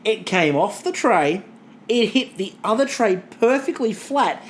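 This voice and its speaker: A woman co-hosting a podcast, chatting casually and telling animated stories full of acted-out quotes. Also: medium pitch, unhurried, slight background noise. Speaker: podcast co-host. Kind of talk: casual chat.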